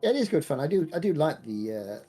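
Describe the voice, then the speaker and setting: A man's voice: fairly high pitch, sing-song, fast, dark tone, slightly rough, faint music behind. A man casually chatting as a podcast co-host, thoughtful and rambling with frequent restarts. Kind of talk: casual chat.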